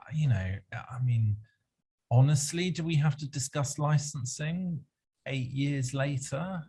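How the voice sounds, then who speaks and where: A man's voice: medium pitch, a little mellow. A man discussing policy on a video call, rambling with frequent restarts and asides. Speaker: participant in discussion.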